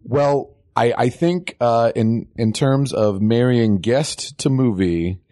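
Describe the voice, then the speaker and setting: A man hosting a casual podcast, talking in a relaxed, rambling way. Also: medium pitch, slow pace, dry recording, studio quality. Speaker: podcast host.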